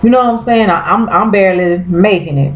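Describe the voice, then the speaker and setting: A woman's voice: mid-range voice, brisk, echoey room, a little hiss or hum, rough recording. A woman recapping a TV episode in casual chat, exclaiming and talking straight to her viewers in loose slang.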